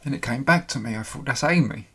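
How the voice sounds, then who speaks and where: A man recounting his own experience in an emotional, halting way, pausing and restarting as he remembers. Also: mid-range voice, creaky, a bit bright, husky. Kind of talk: personal spoken account.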